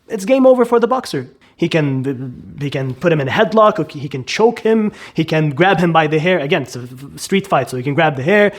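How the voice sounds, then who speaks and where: A man explaining an idea emphatically, asking rhetorical questions and repeating key words for stress. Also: a little high. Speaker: educator. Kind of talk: explanatory commentary.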